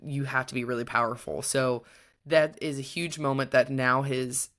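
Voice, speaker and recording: A young woman with a notably low voice chats through a book's plot on a podcast. She retells it with animation and drops into quick voices for the characters. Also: fairly even intonation, fairly bright tone. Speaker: podcast co-host. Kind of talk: casual book-review chat.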